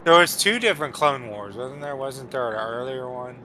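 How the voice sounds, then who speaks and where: A man chatting casually on a gaming stream, meandering and trailing off as he thinks out loud. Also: medium pitch, lively intonation, normal speed, background noise. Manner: meandering, trails off and restarts thoughts. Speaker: co-commentator. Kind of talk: casual chat.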